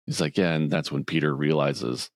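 A man's voice: steady tone, normal speed, no room sound, clean studio sound. A man co-hosting a podcast, rambling through a movie plot in casual chat and acting out the characters' lines. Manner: rambling, acts out characters' lines in higher voices. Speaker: podcast co-host.

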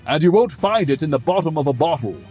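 Brief: narrator doing a forceful dwarf lawman, deep and measured. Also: lively intonation, soft background music. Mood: shouting. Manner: forceful, commanding. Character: stern male dwarf lawkeeper, commanding.

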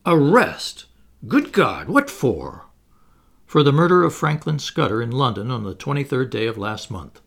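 A man voicing a respectable elderly English gentleman who is hesitant and dazed, turning nervously jovial. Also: medium pitch, animated, brisk, vocal fry, hardly any pauses. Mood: bewildered, jovial.

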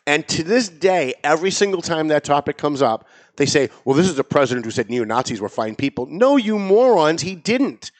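A man's voice: fairly high pitch, sing-song, brisk. A man hosting a political talk show, speaking in a sarcastic, mocking tone. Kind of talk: political commentary chat.

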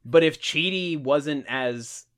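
A man's voice: fairly high pitch, slow. A young man co-hosting a podcast, chatting casually and chiming in about a TV episode. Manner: relaxed, agreeable, chimes in. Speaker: podcast co-host. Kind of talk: casual chat.

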